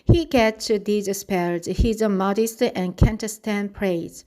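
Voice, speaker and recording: A woman voicing an excitable middle-aged male farmer who hollers in flustered bursts, in a storybook reading. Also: medium pitch, slow, lightly acted. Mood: reassuring. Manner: loud, flustered exclamations.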